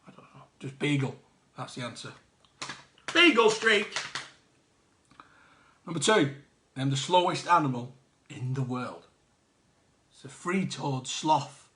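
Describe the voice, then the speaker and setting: A man's voice: on the high side, fairly bright tone. A man hosting a live online quiz, reading out answers with jokey, chatty asides. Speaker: quiz host.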